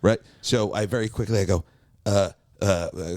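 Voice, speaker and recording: A man with a somewhat low voice chats as a podcast guest. He is a warm-up comedian who tells lively anecdotes and slips into the voices of the people in them. The sound is dry, with no room echo. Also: normal speed. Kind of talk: casual storytelling chat.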